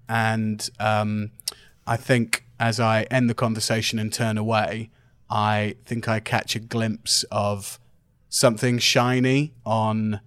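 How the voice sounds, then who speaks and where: Male player, mid-pitched, chatty, dry close sound. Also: level tone, takes it slowly, fairly bright tone, clear, resonant tone, dry recording. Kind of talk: casual play, partly in character.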